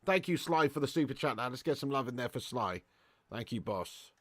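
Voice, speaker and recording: A man's voice: medium pitch, expressive, a little fast, no echo. A man hosting a football watch-along stream, chatting casually and reading out fan messages with slang and swearing. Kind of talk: live stream chat reading super chats.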